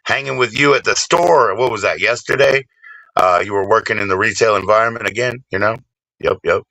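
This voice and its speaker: A man streaming live, rambling and swearing casually while he shouts out viewers by name. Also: on the low side, a little fast, creaky, dry recording, rough recording.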